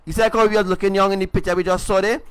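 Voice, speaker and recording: His voice is high-pitched, smooth and level, and he talks very fast. The man, a self-proclaimed spiritual preacher, repeats himself emphatically during a livestreamed testimony, dropping in "right?" again and again.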